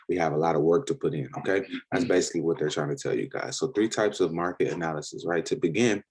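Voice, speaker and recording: Deep husky man teaching casually. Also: a little mellow. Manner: casual, repetitive, addresses viewers as guys. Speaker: trading educator and podcast host. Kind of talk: casual screen-share lesson.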